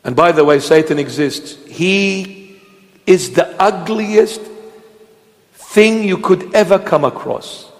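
High-voiced man preaching slowly in a hall. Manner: emphatic, preachy, repeats short commands. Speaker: bishop. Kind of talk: sermon.

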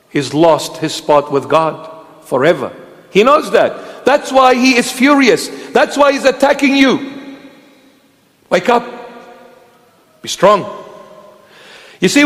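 High-voiced man preaching slowly in a hall. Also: a bit bright. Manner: emphatic, preachy, repeats short commands. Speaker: bishop. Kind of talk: sermon.

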